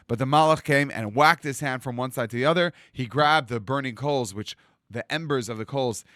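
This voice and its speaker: A man giving a rabbi's Torah sermon in a lively storytelling manner, acting out the lines he quotes. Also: mid-range voice, dry recording, studio quality. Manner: animated storytelling, acts out quotes.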